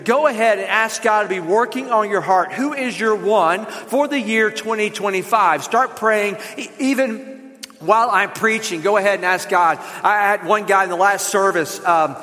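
A man with a Southern American accent preaching a lively, joking sermon to his congregation in a church. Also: high voice, normal speed, big-room sound. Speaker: pastor. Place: church sanctuary.

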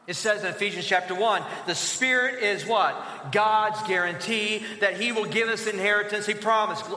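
High, bright-voiced male preacher. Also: moderate pace, slight background noise. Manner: energetic preaching with call-and-response prompts. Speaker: pastor. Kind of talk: sermon. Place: large church hall. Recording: echoey church hall with long reverb.

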